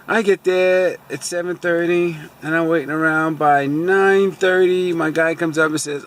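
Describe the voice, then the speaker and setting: A man with a somewhat high voice vents in a loose, rambling way from inside a parked car, circling back with "so anyway". He sounds aggrieved and chatty, like he is telling a friend about his day. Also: fairly even intonation, measured pace, hardly any pauses, fairly bright tone, slight background noise. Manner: rambling, repeats fillers like "so anyway"; aggrieved, venting frustration. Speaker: car vlogger. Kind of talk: casual rambling storytelling.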